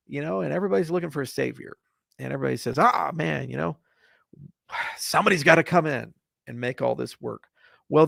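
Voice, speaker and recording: A man giving an unscripted, passionate and blunt monologue to camera, profane and swinging from quiet to loud. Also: medium pitch, creaky, no echo, clean studio sound. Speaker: crypto industry founder. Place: Colorado.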